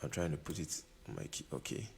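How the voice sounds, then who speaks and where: Speaking fast in a rumbling low, creaky voice with lively intonation, a man runs a relaxed music production lesson while playing keys. He repeats himself a lot and checks for understanding. Keyboard music plays in a reverberant room, with slight background noise.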